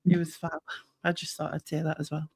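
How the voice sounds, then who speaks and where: A woman's voice: low-pitched, flat delivery, fairly quick, vocal fry, a little mellow, husky, no room sound. A woman with a Northeast English accent hosting a casual livestream chat, laughing readily and poking fun at herself. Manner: laughs readily, self-mocking. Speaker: host.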